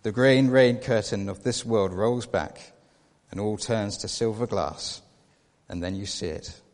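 A man voicing an old wizard, calm and consoling, retold in a sermon. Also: fairly low pitch, unhurried, natural voice. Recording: long reverb of a large hall.

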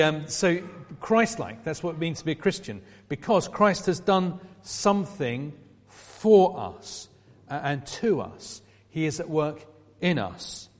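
A middle-aged man preaching a sermon in a church, talking conversationally and making asides to the congregation. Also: medium pitch. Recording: long reverb of a church hall.

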